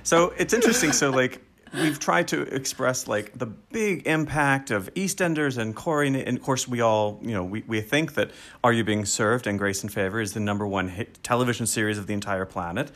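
A man's voice: mid-range voice, brisk. A man co-hosting a podcast, chatting casually with enthusiasm and jokes. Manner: enthusiastic, jokey, animated. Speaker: podcast co-host.

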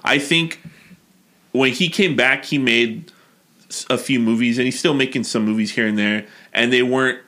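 A man's voice: medium pitch, fairly even intonation, normal speed, bright, forceful tone. A man co-hosting a casual movie-review chat who talks bluntly and profanely in long rambling runs. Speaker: podcast co-host.

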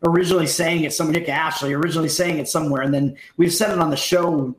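A man's voice: a little high, steady tone, fast talker, echoey room, poor audio. A man co-hosting a podcast, telling stories in a rambling, casual way with fillers. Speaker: podcast co-host. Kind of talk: casual chat.

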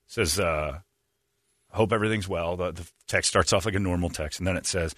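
A man hosting a radio show, telling a self-mocking story in casual chat, animated and quick to laugh. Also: sits low, no room sound, studio quality.

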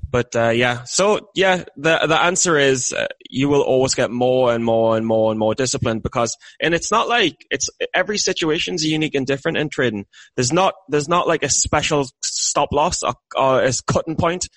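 A man's voice: mid-range voice, animated, normal speed, hardly any pauses, fairly bright tone, no room sound. A British man co-hosting a podcast in casual chat, rambling and self-deprecating with many restarts. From Britain. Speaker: podcast co-host.

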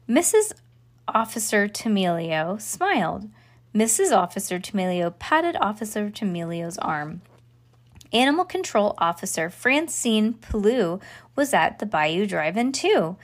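A woman's voice: mid-range voice, sing-song, moderate pace. A woman hosting a children's podcast, reading a storybook aloud with playful character voices and chatty asides.

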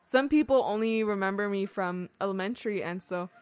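A woman's voice: mid-range voice, a little fast, darkish tone, clear, resonant tone, no room sound. A young woman co-hosting a podcast, chatting casually with friends, giggly and teasing. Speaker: podcast co-host. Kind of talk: casual chat among friends.

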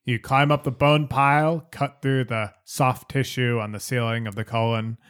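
Man doing a casual, deadpan mutant scavenger chief in a tabletop game. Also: mid-range voice, moderate pace, smooth, close to an everyday voice. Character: mutant scavenger leader, matter-of-fact.

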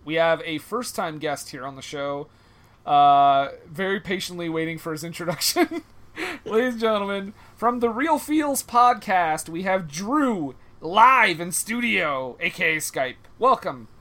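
A man's voice: high-pitched, lively intonation, unhurried, sharp tone. Easygoing male podcast host. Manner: laughing, easygoing. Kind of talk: comedy podcast chat.

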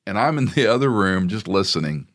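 Middle-aged male pastor-host, very low voice, earnest and folksy in conversation. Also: animated, brisk, fairly bright tone. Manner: earnest storytelling, folksy asides. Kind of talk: conversational interview.

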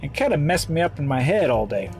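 A man driving a truck, telling a rambling story in casual vlog style with halting restarts. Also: fairly high pitch, big pitch swings, darkish tone, soft background music. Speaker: truck driver. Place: truck stop.

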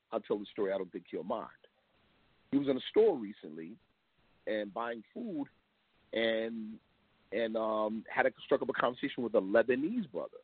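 A man's voice: on the low side, slightly rough, no room sound. A man talking as a guest on a call-in show, emphatic and telling stories with acted-out quotes. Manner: emphatic, acts out quotes, laughs often. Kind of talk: animated storytelling talk. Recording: thin phone-like line.

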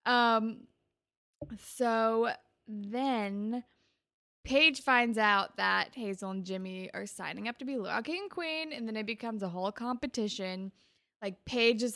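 Bright, creaky-voiced young woman. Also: mid-range voice, no room sound, studio quality. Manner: giggly, animated, lots of "like". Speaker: podcast co-host. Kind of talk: casual chat recapping a TV episode.

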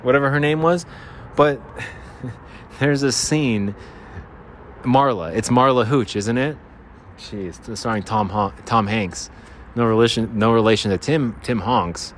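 A man's voice: mid-range voice, measured pace, long pauses. A man with a nasal voice rambles through a casual podcast monologue. He jokes at his own expense and wanders from thought to thought. Faint traffic hums behind him outdoors. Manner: rambling, self-deprecating, jokey. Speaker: podcast host. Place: outdoors by a freeway. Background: traffic and motorcycles.

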